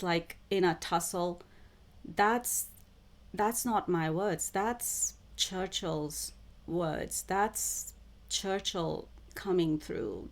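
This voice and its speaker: A woman who calls herself a psychic channeler, talking to camera in a spiritual monologue, with slow, deliberate phrasing that keeps circling back to the same words. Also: on the low side. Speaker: self-described psychic channeler.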